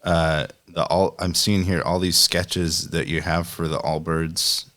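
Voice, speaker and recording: A man's voice: sits low, flat delivery, measured pace, fairly bright tone. A man hosting an interview, talking casually and with enthusiasm. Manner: enthusiastic, conversational. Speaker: podcast host.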